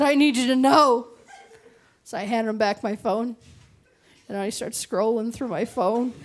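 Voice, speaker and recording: A young woman from Alberta, Canada, doing a stand-up set on a club stage, telling stories deadpan and acting out the people in them. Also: a little high, a little hiss or hum. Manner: deadpan storytelling with acted-out quotes. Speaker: stand-up comedian. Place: comedy club stage before a laughing audience.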